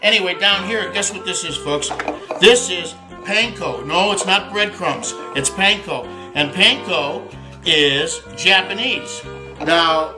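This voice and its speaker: A cooking show host works through a home demonstration slowly, his voice pitched high and his talk folksy, jokey, and dotted with Italian words. Reverb from the room and quiet guitar music fill the background.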